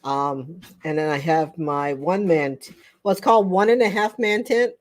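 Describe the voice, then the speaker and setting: A woman's voice: low voice, normal speed. An older woman hosting a casual livestream chat with viewers, chatty and rambling, often breaking into laughter. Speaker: livestream host.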